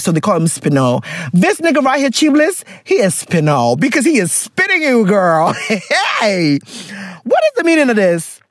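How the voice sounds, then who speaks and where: Casual storytime vlogger, a very expressive, bouncy delivery full of laughs and reactions, recorded dry and close. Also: medium pitch, dry recording. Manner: animated, laughs often, dramatic reactions; switches between reading aloud and commentary. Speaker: vlogger reading a viewer's letter.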